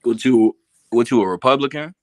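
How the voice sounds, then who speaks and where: A man's voice: mid-range voice, fairly quick, darkish tone, dry recording, clean studio sound. A man in casual chat who asks blunt questions and swears.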